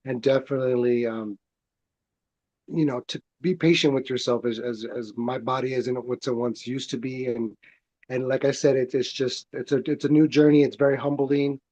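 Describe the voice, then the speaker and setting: A man's voice: medium pitch, fairly even intonation, normal speed, darkish tone, highs cut off. A man speaking as a guest in a casual chat, earnest and reflective.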